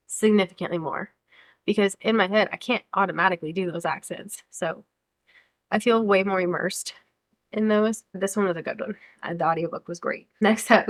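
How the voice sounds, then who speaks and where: A young American woman chatting casually about upcoming books, enthusiastic and talkative, sometimes reading blurbs aloud. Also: medium pitch. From United States. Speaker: book vlogger. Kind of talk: casual chat.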